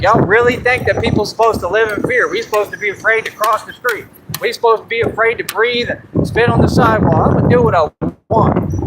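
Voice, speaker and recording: Confrontational male streamer with a high voice, phone-recorded on a noisy street. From Texas. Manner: brash, confrontational and boastful. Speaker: livestreamer. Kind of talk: livestream rant. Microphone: phone livestream.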